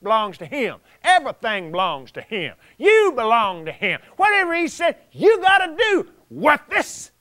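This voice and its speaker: A man preaching a folksy sermon, telling the story with chuckles and animated storytelling. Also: extremely high pitch, normal speed, few pauses, dry recording.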